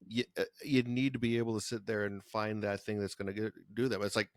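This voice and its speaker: With a steady tone and a slightly fast delivery, this man co-hosts a podcast in a fairly low pitch. He chats casually, rambling through many restarts, on clean studio sound with no room noise.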